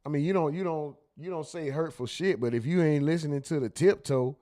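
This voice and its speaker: A man's voice: on the high side, a little fast, warm tone. A man hosting, talking bluntly and profanely in casual emphatic commentary. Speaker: host.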